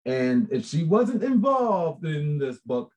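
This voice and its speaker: A man chatting casually about a book project, rambling, animated and laughing often. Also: a little high, takes it slowly. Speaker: book contributor. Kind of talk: casual chat.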